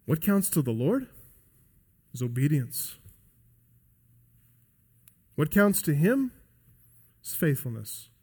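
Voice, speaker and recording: A male pastor preaching a sermon emphatically, swinging between loud high emphasis and quiet low drops. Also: big pitch swings, slow, pauses often, slightly rough, in a large hall. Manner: emphatic preaching with wide swings in pitch and loudness. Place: church sanctuary.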